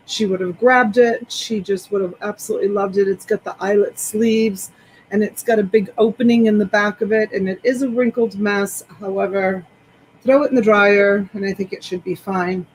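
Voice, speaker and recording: On a live selling stream, a woman enthusiastically rambles through descriptions of each clothing item. Her mid-range voice has a darkish tone, captured on a desktop USB microphone in a low-quality recording with a little hiss or hum.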